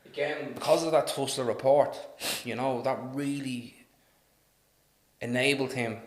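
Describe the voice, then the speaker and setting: A man with a Dublin accent, a podcast guest telling stories in a casual, animated way, laughing and swearing often. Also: mid-range voice, a little slow. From Ireland. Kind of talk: casual storytelling. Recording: roomy echo.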